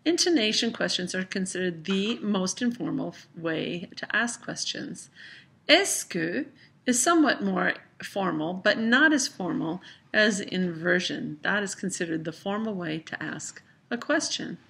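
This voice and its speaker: Bright-voiced woman teaching a lesson. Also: medium pitch, animated. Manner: clear, explanatory, gives slow example sentences. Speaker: French teacher. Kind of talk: recorded classroom grammar lesson.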